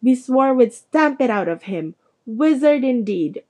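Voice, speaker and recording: A woman's voice: high-pitched, animated, a little slow, pitched above the performer's own voice. A woman reading aloud, voicing a stern, angry uncle who speaks sharply. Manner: sharp, clipped.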